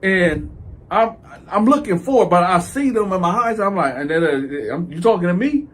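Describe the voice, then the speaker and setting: A man with a husky, fairly high voice tells a story straight to his viewers. His pitch leaps up and down as he acts out the people in it. He stumbles over repeated words and swears freely. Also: animated, normal speed. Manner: stammering repeats and profane, acted-out quotes. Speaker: YouTube storyteller. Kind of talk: animated storytelling vlog.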